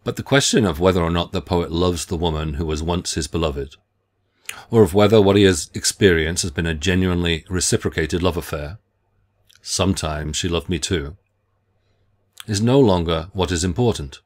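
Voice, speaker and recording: A middle-aged man with a very low, deep voice reads a prepared lecture on literature. His delivery is measured and deliberate, with careful phrasing. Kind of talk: scripted academic lecture.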